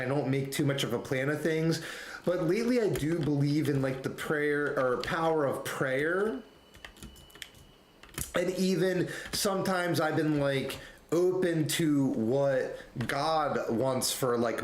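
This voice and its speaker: A man's voice: on the high side, fairly bright tone. Rambling man telling a story in an echoey room. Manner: rambling, full of restarts and quoted dialogue. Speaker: streamer. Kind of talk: casual storytelling chat. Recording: echoey room, faint noise.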